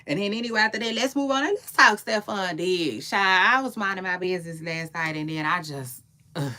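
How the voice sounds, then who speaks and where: Animated, bright-voiced woman gossiping live. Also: lowish voice. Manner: animated, playful, frequent "child" and quick laughs. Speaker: live-stream commentator. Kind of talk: casual live-stream gossip chat.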